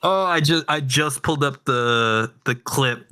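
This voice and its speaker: Lively laughing male podcast co-host. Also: medium pitch, a little slow, clean tone. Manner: animated, laughs often, self-deprecating. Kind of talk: casual chat.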